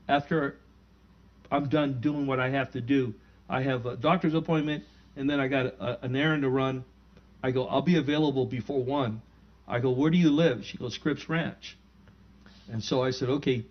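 A male pastor telling a story in a sermon, conversational and animated, acting out the dialogue himself. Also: medium pitch, dull audio.

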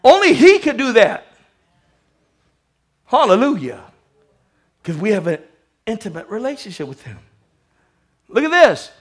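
A man preaching a lively sermon as pastor, animated and laughing as he goes, often calling out hallelujah. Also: high-pitched, a little slow, pauses often.

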